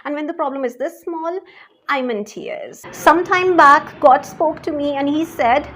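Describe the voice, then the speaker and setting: Earnest high-voiced woman sharing faith. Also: a little slow, fairly bright tone, a little hiss or hum. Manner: earnest, repeats words while searching for them. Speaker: faith vlogger. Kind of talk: personal faith testimony.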